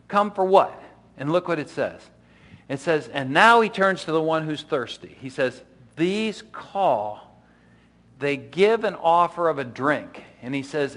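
A middle-aged man preaching to his congregation as pastor, his voice sitting a little higher than most men's. He talks in a loose, conversational way, restarting phrases and dropping in asides as he explains the passage. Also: very animated, a little slow, a bit bright. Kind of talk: sermon.

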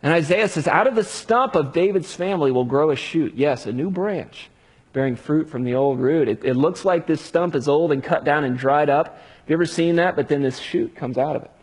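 Husky-voiced preacher man delivering a sermon. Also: a little high. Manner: dramatic preaching with hushed pauses and rising emphasis. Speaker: pastor.

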